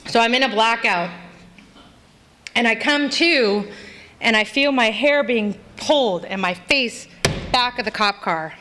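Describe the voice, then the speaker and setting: A middle-aged woman from Los Angeles telling her personal story to a live meeting, candid and self-mocking, acting out past scenes in high voices. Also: lively intonation, slow, pauses often, sharp tone, slight background noise. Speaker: recovery meeting speaker. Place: meeting hall.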